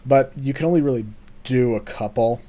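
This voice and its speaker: A laid-back man from Alabama with a mid-pitched, ordinary voice. He rambles through his sentences as a podcast co-host, often trailing off into a low mumble. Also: fairly quick, mellow. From Alabama, USA. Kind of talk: casual podcast chat.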